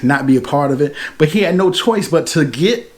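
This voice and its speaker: A man giving a casual, animated movie review, retelling the plot with slang. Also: fairly high pitch, moderate pace. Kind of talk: casual spoken film review.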